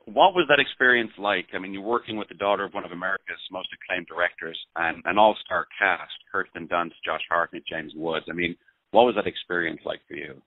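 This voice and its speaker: A man's voice: low voice, a little fast, dry recording. A man interviewing an actor, asking prepared questions and giving short acknowledgements. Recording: dry tinny phone-line audio.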